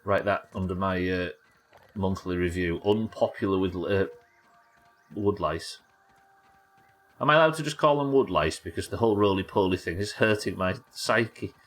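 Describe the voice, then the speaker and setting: Chatting with viewers while he plays, an English man gives wry, sweary commentary on a live game stream. His voice is low and a bit bright, and he talks at a normal speed.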